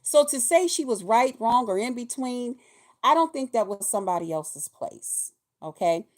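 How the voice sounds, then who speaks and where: A woman's voice: fairly high pitch, expressive, normal speed, a little mellow. A woman hosting a weekly livestream, chatting casually and folksily with her viewers, greeting and thanking them directly. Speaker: host of a weekly live show.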